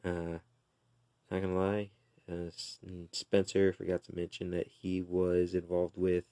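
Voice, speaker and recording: A man casually retelling the plot of a comic book issue, relaxed and full of fillers and restarts. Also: sits low, creaky, dry recording.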